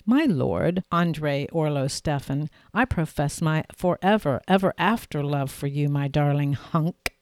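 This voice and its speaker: A woman voicing a fearless, affectionate young woman who talks in a lively, teasing way. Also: low-pitched, unhurried, no echo, clean studio sound. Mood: spirited.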